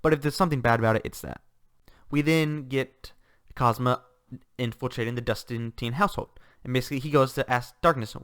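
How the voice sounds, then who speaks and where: A man's voice: medium pitch, fairly quick, fairly bright tone, smooth, dry recording, studio quality. Enthusiastic man rambling about a book. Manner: enthusiastic, rambling with restarts and laughs. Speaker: book reviewer. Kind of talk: casual book review.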